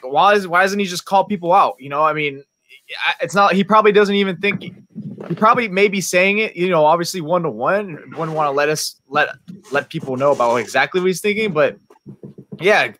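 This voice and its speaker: A man's voice: a little high, a little fast, pushed and bright, dry recording. A man on a sports podcast panel, talking in a blunt, exasperated and mocking way. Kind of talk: heated sports talk.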